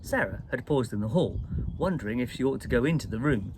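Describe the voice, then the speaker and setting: A man reading a children's storybook aloud in an expressive, lively way. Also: mid-range voice, a little fast, background noise. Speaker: storybook reader.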